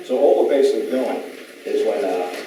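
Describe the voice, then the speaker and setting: Speaking informally at a gathering, a public speaker meanders from story to story, performing the voices of those he quotes. He talks fairly quickly with a fairly low pitch and dark tone, his voice distant in a big echoey room over slight background noise.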